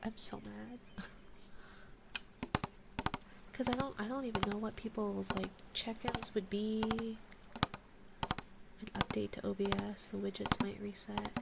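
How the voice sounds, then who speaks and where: Woman streamer muttering slow and gravelly, loud keyboard clatter behind. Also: mid-range voice, steady tone. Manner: frustrated, muttering while fiddling with settings. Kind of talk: casual live-stream chat. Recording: loud background noise with keyboard clicks.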